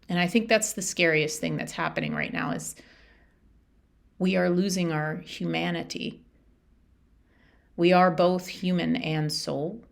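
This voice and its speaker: A woman's voice: fairly low pitch, creaky. A middle-aged woman life coach hosting a solo podcast, talking in an earnest, heartfelt way with lots of repetition. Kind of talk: reflective solo podcast talk.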